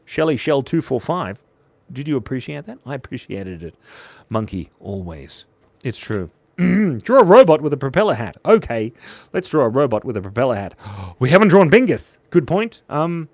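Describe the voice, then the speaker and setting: An Australian man hosts a drawing live stream, cracking silly puns as he chats along. His pitch jumps all over the place, and the sound is close and dry. His voice sits in the middle range for a man. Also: big pitch swings, moderate pace, no echo. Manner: jokey, punning. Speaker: drawing channel host.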